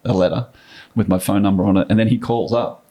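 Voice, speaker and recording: A man in his fifties with an Australian accent, a former basketball player telling stories as a guest, animated and quick to restart. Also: on the low side. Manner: animated anecdotes, frequent restarts and laughs. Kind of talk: casual storytelling.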